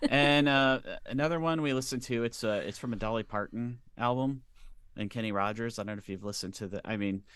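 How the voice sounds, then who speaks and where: A man, a guest author, chatting casually and telling animated stories, acting out little quotes. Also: medium pitch, a little fast, clean tone, dry recording. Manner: animated storyteller, acts out quotes. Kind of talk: casual chat.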